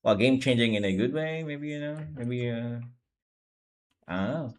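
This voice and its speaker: A man's voice: medium pitch, moderate pace, a little mellow. A sleepy young man streaming as he draws manga, chatting casually in a rambling, laid-back way that keeps correcting itself. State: sleepy, low energy. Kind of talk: casual live-stream chat while drawing.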